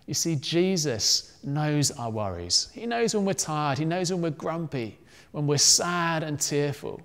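A man with a slightly high voice leads a family worship talk for children, telling the story with animated voices. His words ring out in a reverberant church hall with a long echo. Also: moderate pace.

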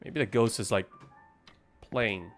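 Speaking slowly in a fairly low voice, this man narrates his live game stream with soft music underneath. He chats away with viewers and characters alike, reacts to on-screen events, and jumps at sudden moments.

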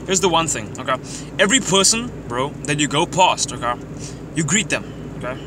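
This young man's voice is fairly high and sing-song, and he talks briskly, laughing frequently as he dishes out profane social tips behind the wheel. Traffic and engine noise come through the noisy in-car recording.

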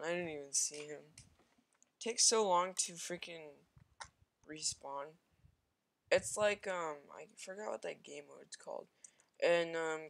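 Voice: medium pitch, creaky, bright, forceful tone, slight background noise. Rambling self-mocking gameplay commentator. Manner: frequent fillers and repeated exclamations. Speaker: gamer narrating own gameplay.

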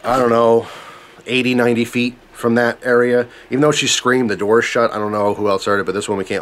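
A man's voice: medium pitch, level tone, fast, slight background noise. A man casually telling a story to camera, earnest and emphatic, repeating himself when tense.

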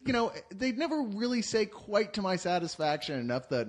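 A man's voice: sits high, sing-song, fairly quick. A man from Virginia co-hosting a casual movie review podcast, wisecracking and sarcastic. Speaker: podcast co-host.

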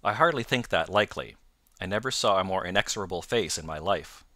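A man voicing a shaken, excitable young male engineer in an audiobook, earnest and agitated. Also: low voice, fairly quick, no echo, clean studio sound. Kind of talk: audiobook narration.

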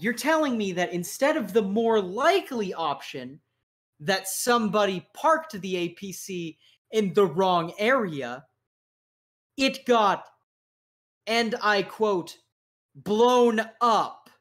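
Guy doing a cold sarcastic crime boss villain, low and menacing, tabletop game voice. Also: exaggerated voice. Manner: sneering sarcasm turning to quiet threats.

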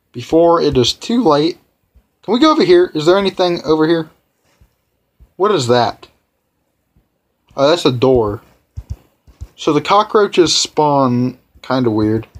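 A man hosting a let's play, rambling and correcting himself as he plays, with excitable outbursts. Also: fairly high pitch, a little hiss or hum. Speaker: gaming channel host.

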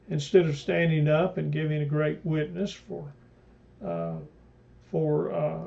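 A man teaching a Bible study in a slow, deliberate, halting way, full of fillers and restarts. His voice is deeply gravelly with a dark, mellow tone and sits a little on the high side for a man. The recording sounds dull and lo-fi. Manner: retells scripture, quoting speakers in old-fashioned phrasing. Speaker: pastor leading Bible study. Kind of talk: mid-week Bible study talk.

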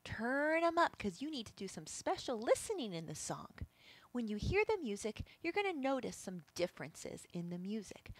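A woman teaching a playful music lesson for young children, animated and often dropping to a whisper. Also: on the high side, moderate pace.

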